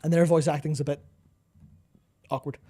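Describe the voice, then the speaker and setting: A man's voice: fairly high pitch, level tone, moderate pace, dark tone. A man co-hosting a casual gaming chat, rambling, repeating words while he hunts for terms, and swearing casually. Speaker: podcast co-host.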